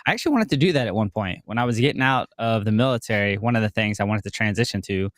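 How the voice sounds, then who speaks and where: A man's voice: lowish voice, animated, rapid-fire, no echo. Laid-back male co-host, dry sound. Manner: laid-back, laughing shout-outs. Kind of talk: casual live-stream chat.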